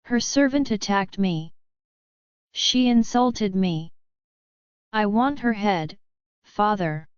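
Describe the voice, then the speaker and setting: A woman's voice: medium pitch, slow pace, pauses often, clean tone, dry recording, lo-fi sound, lightly acted. A woman voicing a spoiled, demanding young princess who whines and pleads. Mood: pleading.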